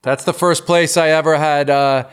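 A man's voice: a little high, fairly even intonation, moderate pace, clear, resonant tone. A man in his fifties hosting a casual interview, eagerly asking follow-up questions. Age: 50s. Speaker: podcast host.

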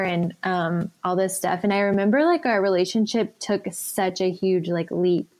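A woman in her thirties, a podcast guest, telling a candid personal story in a chatty way, full of fillers and soft laughs. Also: fairly low pitch, normal speed, few pauses.

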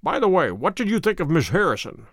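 A man voicing Sherlock Holmes, a musing, brisk male detective, in a dry read story. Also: a little high, very animated, a bit bright, dry recording, full character voice. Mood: reflective.

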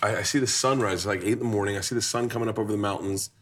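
Bright-voiced man in his forties telling stories. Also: fairly low pitch, racing. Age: 40s. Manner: animated storyteller, swearing, laughing. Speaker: cooking show host. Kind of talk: casual chat. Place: kitchen on a show set.

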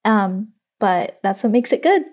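A woman chatting as a podcast guest, lively and descriptive, with casual "like" and "um" fillers. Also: medium pitch, a little slow.

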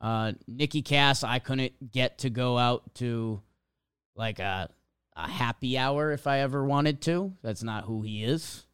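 A man's voice: medium pitch, unhurried, smooth. A young man telling a casual story as a podcast host, acting out little quotes as he goes. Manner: animated storytelling, acts out quotes.

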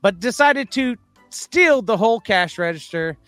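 A man's voice: high-pitched, lively intonation, unhurried, fairly bright tone, no echo, soft background music. A man co-hosting a podcast, reading out news stories in a rambling, casual way and getting worked up into rants. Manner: rambling, gets worked up and ranty.

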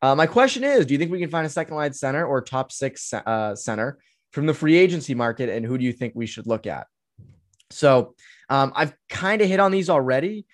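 A man's voice: medium pitch, animated, a little fast, no room sound. Casual young male podcast host, dry sound. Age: 20s. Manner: casual, opinionated, many fillers. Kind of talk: solo sports podcast, answering listener questions.

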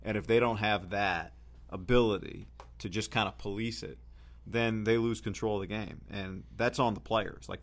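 A man co-hosting a sports talk show, arguing his point in a firm, reasoned way. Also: lowish voice. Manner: firm, argumentative, reasoned pushback. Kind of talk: casual sports debate chat.

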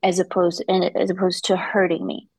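Brief: candid woman guest, low gravelly voice, dry close sound. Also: completely flat delivery, darkish tone, no echo, rough recording. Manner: reflective, openly vulnerable, halting restarts. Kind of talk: candid interview conversation.

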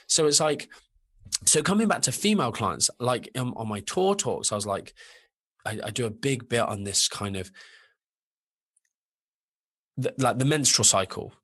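Guy in his 30s chatting on a podcast, keeps restarting, pitch jumps up when he gets going. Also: normal speed, pauses often, husky. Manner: animated, rambling with many restarts. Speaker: nutritionist guest. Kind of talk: casual podcast chat.

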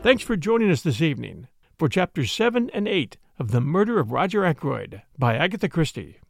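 Lively, fairly high-voiced man narrating a story. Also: soft background music. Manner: smooth, measured storytelling. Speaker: podcast host and narrator. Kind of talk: scripted narration of a classic mystery.

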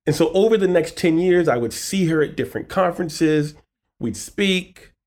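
A man's voice: a little high, normal speed. A middle-aged man, a poet and author, telling a personal story in a podcast interview and acting out the quoted lines. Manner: animated storyteller acting out quotes, softening in sad moments.

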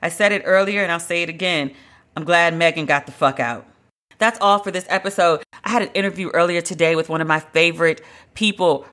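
A podcast host giving solo celebrity-news commentary in a dramatic, emphatic, slangy and profane way, with drawn-out exclamations. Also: mid-range voice, bright, forceful tone.

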